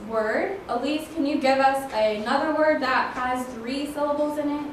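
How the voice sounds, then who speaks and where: High-voiced woman teacher in an echoey classroom. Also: steady tone, moderate pace. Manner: encouraging, praising pupils; stretches words out to count syllables. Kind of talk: classroom phonics lesson. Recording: echoey classroom, voice from a distance, faint noise.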